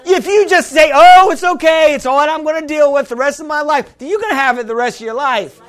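High-voiced preaching man. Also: fast, some chatter behind. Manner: animated preacher, swings from quiet storytelling to shouted exclamations. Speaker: pastor. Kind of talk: sermon.

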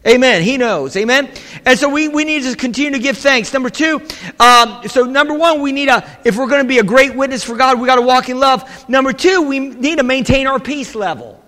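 An emphatic male pastor with a very high, bright voice, preaching a sermon in a church. He punctuates his points with repeated calls of amen, and his voice rings through a reverberant hall. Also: brisk.

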